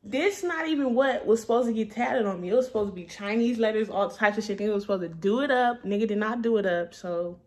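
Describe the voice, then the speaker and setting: Young woman, mid-pitched, casual storytime vlogger who curses freely and laughs a lot. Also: fast, hardly any pauses. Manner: profane, loose and laughing.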